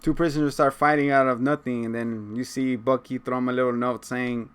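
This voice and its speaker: A man's voice: mid-range voice, flat delivery, fairly quick, clear, resonant tone. A man co-hosting a casual recap chat, retelling scenes by acting out the characters' lines and laughing often. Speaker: podcast co-host.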